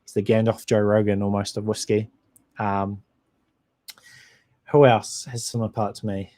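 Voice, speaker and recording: A man's voice: fairly low pitch, little pitch movement, moderate pace, dark tone. A man with a New Zealand accent hosting a casual livestream. He rambles in a friendly way and reads out and answers viewer comments. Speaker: whisky channel host.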